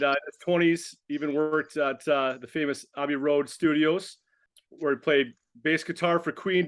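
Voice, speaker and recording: Male co-host, a little high-pitched, easygoing and hesitant. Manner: relaxed, halting with fillers. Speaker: podcast co-host. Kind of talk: reading a guest introduction.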